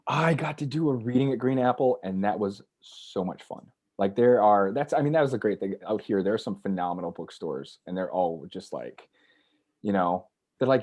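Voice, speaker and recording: Rambling storytelling man, low voice. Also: animated, a little fast, a little mellow. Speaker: author and journalist guest. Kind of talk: casual conversation.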